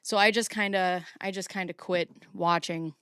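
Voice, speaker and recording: A woman's voice: fairly low pitch, steady tone, moderate pace, fairly bright tone, clear, resonant tone, no room sound, studio quality. A woman in her forties hosting a casual livestream, chatty and rambling, a little out of breath. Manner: rambling, chatty, self-deprecating. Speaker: streamer host.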